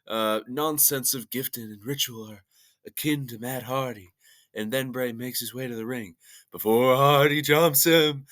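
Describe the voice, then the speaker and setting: A man with a bright, forceful voice recapping a wrestling show in a casual, joking way. He laughs between remarks and talks at a middle pitch. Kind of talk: casual review commentary.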